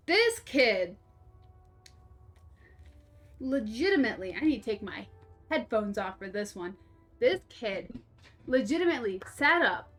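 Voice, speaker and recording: Animated high-voiced young woman streamer. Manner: rambling, animated, laughing, swears casually. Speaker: game streamer. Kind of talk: casual storytelling while playing.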